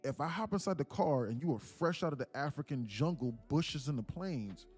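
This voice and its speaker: A man's voice: a little high, expressive, brisk, breathy edge. A man hosting a live trading stream and mentoring viewers, talking in a rambling, slangy way with many restarts. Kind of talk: casual live-stream talk.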